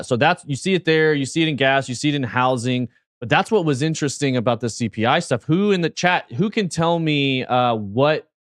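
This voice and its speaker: A man's voice: medium pitch, no room sound, clean studio sound. A man co-hosting a casual crypto livestream, talking through prices and quizzing the chat. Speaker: crypto show co-host.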